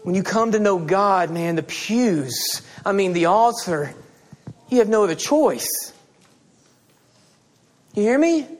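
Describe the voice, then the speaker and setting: Slow, high-voiced preaching man. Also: lively intonation. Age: adult with children and a wife. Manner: pleading, emphatic preaching with repeated appeals. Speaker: pastor. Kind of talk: sermon.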